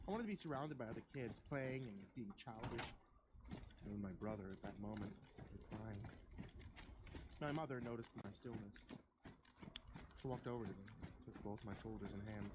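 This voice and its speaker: A storyteller narrating a spooky first-person Christmas story in a slow, measured, hushed way. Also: mid-range voice, noisy background. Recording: loud keyboard typing behind.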